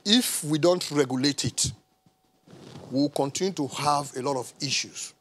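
In a TV studio, a Nigerian man appears as an analyst guest on a panel discussion, growing impassioned as his voice rises. His voice is on the high side and a bit bright, with a measured pace. The recording is low quality with slight background noise.

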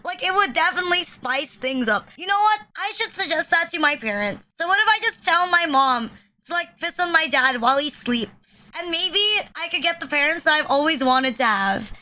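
A woman's voice: sits high, animated, normal speed, pushed and bright. A woman streamer giving casual reaction commentary, blunt, swearing often and joking at her own expense. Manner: blunt, swears often, self-deprecating jokes. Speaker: VTuber streamer reacting to memes.

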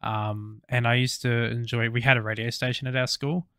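A man's voice: mid-range voice, flat delivery, normal speed, fairly bright tone, smooth, no room sound, clean studio sound. A young Australian man co-hosting a podcast, chatting casually and rambling with fillers and swearing. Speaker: podcast co-host. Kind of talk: casual chat.

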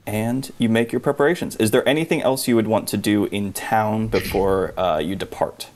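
A man narrating a tabletop game as game master, relaxed and halting. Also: on the low side. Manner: relaxed, halting, many fillers.

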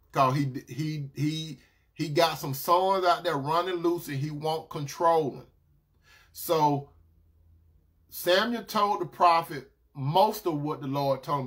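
Guy preaching, kinda high voice, retelling a bible story loose and chatty, keeps asking "right?". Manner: storytelling, with frequent "right?" asides to the listeners; relaxed and conversational, with restarts. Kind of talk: sermon.

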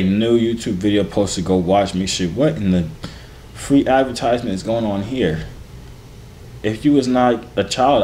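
A man's voice: deep voice, darkish tone, a little hiss or hum. A man hosting a casual reaction vlog, reading fan messages with playful, slangy, teasing asides.

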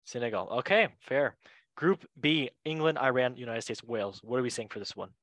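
A man hosting a casual chat, playful and joking with quick asides. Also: medium pitch, lively intonation, fairly bright tone, no echo. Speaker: host.

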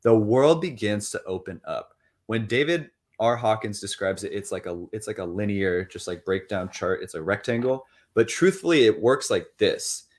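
A young man guest in a casual interview, talking in an animated way, acting out inner voices and swearing casually. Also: fairly low pitch. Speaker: interview guest, money coach.

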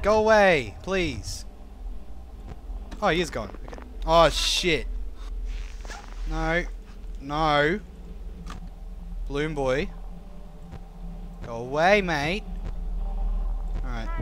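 A man's voice: fairly high pitch, pushed and bright, a little hiss or hum. A man playing a horror game, reacting with jumpy swearing and nervous laughter. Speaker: let's play gamer.

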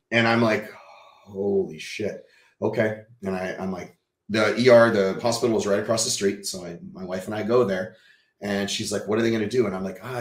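A man from Texas, a podcast guest, telling a personal story in an animated way, casually swearing and acting out what people said. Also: lowish voice, roomy sound.

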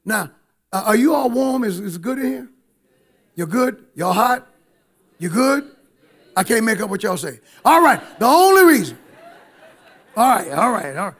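Man, high voice, preaching, emphatic, church sanctuary. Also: animated, normal speed, pauses often, husky. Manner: emphatic, engages the congregation. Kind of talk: sermon.

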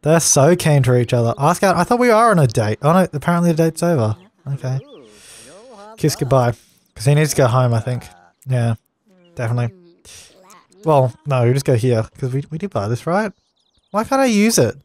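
A man's voice: mid-range voice, expressive, a little fast, long pauses, a little mellow. A young man casually commenting on a life-sim game while he plays, chatty and easily exasperated, laughing at its mishaps. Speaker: let's play gamer.

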